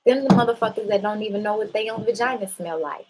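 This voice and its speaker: A woman's voice: medium pitch, quick pace, darkish tone, poor audio. Blunt, profane woman preaching to viewers. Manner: blunt, profane, preachy, talks straight to her audience. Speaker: spiritual live-stream host. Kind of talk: casual spiritual talk to viewers.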